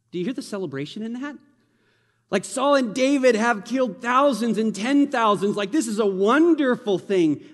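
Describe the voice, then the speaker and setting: Animated man preaching in a reverberant hall. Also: sits high. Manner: animated, conversational preaching with many restarts. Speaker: pastor. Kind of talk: sermon.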